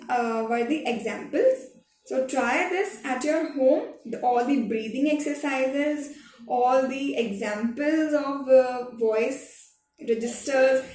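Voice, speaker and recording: A woman teacher with a fairly high voice explains a home activity to young pupils, hesitating often and asking "right?" to check they follow. She sounds a bit distant from the mic, in a room with a noticeable echo. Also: darkish tone. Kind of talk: online class instruction.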